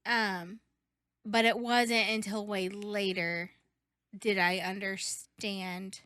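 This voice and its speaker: A young woman talks casually on a podcast in a bright, lively-toned voice, emphatic and frank, with the odd swear word. The sound is close and dry. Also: mid-range voice, slow pace, clear, resonant tone, no echo. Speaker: podcast co-host. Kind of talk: casual chat.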